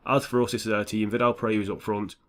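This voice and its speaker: A young man commentating his own football video game, sweary and excitable, dropping to mutters and jumping to shouts. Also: lowish voice, rapid-fire. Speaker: gaming YouTuber. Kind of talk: gameplay commentary.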